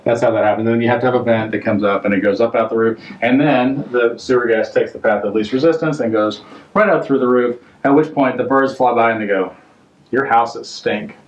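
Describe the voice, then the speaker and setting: A man hosts a home renovation vlog in a loose, rambling way, slipping in deadpan, self-mocking jokes. He is heard from a distance in a bare, echoing room, and the sound is a little dull. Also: medium pitch, quick pace. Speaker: contractor and vlog host. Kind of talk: casual joking chat on a job site. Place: house under renovation, indoors.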